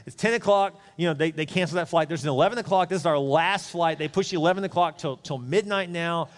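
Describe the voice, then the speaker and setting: A man's voice: fairly high pitch, fast, in a large hall. A man preaching a sermon, telling a candid personal story in a chatty, conversational way, with asides to the congregation. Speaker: pastor. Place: church.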